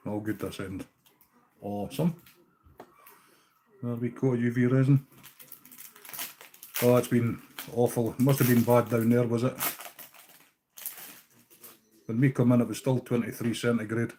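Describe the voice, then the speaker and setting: A man's voice: mid-range voice, fairly even intonation, normal speed, long pauses, warm tone, slight background noise. A Scottish man hosting a live stream, chatting casually with viewers as he ties fishing flies, easygoing and now and then swearing. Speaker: livestream host tying fishing flies. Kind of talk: casual live-chat while working.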